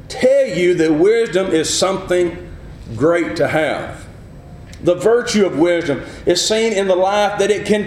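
A man's voice: on the high side, darkish tone, slight background noise. Man preaching a sermon in an echoey room. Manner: earnest teaching, asks the listeners questions, acts out quick replies.

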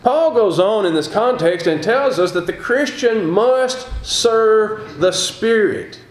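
An older man with a drawl preaches in a folksy, chatty way and often turns to his listeners with rhetorical questions. His voice sits high for a man. The sound carries a noticeable room echo. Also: animated, slow pace. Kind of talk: sermon. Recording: echoey room.

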